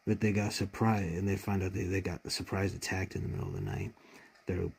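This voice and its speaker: Deep gravelly man, emotional and rambling. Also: fairly even intonation, fairly quick, a little mellow. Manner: heartfelt, rambling retelling with many restarts. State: choked up with emotion. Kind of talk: casual fan commentary on a TV show.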